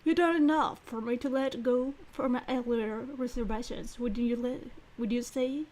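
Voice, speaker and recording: A woman voicing a reserved, formal young male commandant who speaks in a measured, polite way. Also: fairly high pitch, steady tone, darkish tone, voice pushed down, lightly acted.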